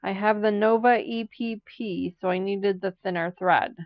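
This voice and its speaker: While sewing on a live quilting stream, a woman chats and rambles casually, laughing often despite a case of the hiccups. Her medium-pitched voice stays steady at a normal speed, and the recording has no room sound but the highs are cut off.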